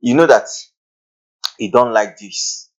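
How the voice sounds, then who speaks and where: A man's voice: mid-range voice, slow pace. A man on a podcast panel, speaking earnestly and emphatically. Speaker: podcast guest. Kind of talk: casual panel discussion. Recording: lo-fi dull audio.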